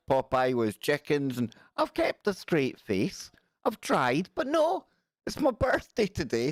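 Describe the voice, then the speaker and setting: A man's voice: fairly high pitch, dry recording, clean studio sound. Joking man in his forties. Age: 40s. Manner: rambling, joking, reads viewer messages aloud. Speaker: live-stream show host. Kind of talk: casual live-stream chat.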